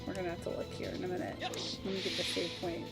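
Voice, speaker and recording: A woman's voice: on the low side, level tone, quick pace, creaky. A woman in her thirties streaming a video game, chatting and reminiscing casually and laughing easily. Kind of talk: casual gaming stream chat. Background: game music.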